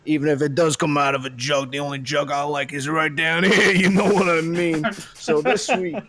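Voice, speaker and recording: A man's voice: a little high, fairly even intonation, normal speed, a crowd in the background, natural voice. A man putting on a swaggering, mock-tough New York accent as a mustached Brooklyn beer guy in a podcast comedy bit. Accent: New York, put on.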